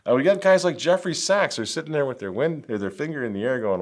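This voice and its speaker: Middle-aged male commentary host, lively swooping pitch, sarcastic asides. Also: fairly quick, few pauses. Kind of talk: animated political commentary.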